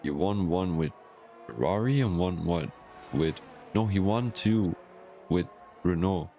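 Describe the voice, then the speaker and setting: A man's voice: low-pitched, animated, measured pace, warm tone, dull audio, faint music behind. A man commentating a sim racing league on a live stream, chatty and joking with rambling asides.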